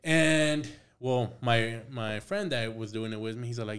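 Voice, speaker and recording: A man's voice: lowish voice, normal speed, hardly any pauses, a bit bright. A young man, a tattoo artist, telling stories on a podcast in a laid-back way, swearing a lot and acting out quotes. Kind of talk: casual storytelling chat.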